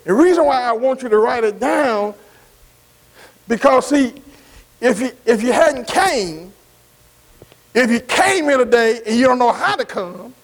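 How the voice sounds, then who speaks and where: A man preaching a sermon, slow and emphatic, repeating key words, asking his congregation questions and punctuating lines with amens. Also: very high voice, rough recording.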